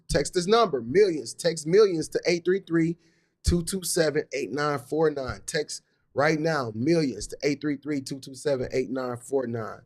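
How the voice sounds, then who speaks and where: Give me a man, fired up and repetitive as he coaches on a live stream. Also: fairly high pitch. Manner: hyped, repetitive, casual slang. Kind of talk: motivational live talk.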